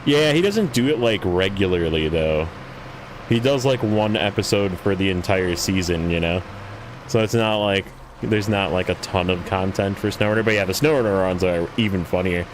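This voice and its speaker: A man's voice: low voice, moderate pace, background noise. A man hosting a gaming livestream, chatting casually with viewers in a rambling, self-deprecating way while he plays.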